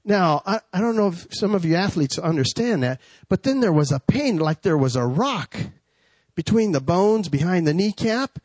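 Man preaching with soaring drawn-out cries. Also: lively intonation, no room sound. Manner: rises to high, drawn-out shouts in preaching, drops low and chatty telling the story. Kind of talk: sermon with a told story.

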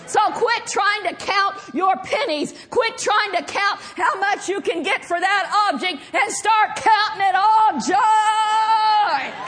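A woman's voice: very high voice, unhurried, hardly any pauses, pushed and bright, a little hiss or hum, heavily acted. A woman voicing a firm, urging Holy Ghost.

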